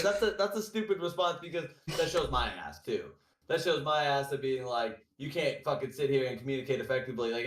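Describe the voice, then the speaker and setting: A man talking in a casual podcast chat. He is profane and animated and acts out quotes. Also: mid-range voice, moderate pace. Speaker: podcast host. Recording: roomy echo.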